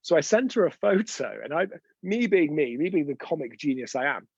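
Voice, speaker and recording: A man's voice: on the high side, very animated, a little fast, a little mellow, husky, no room sound, dull audio. A man hosting an unscripted live stream, telling chatty, rambling anecdotes with frequent restarts. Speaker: host of a weekly live show.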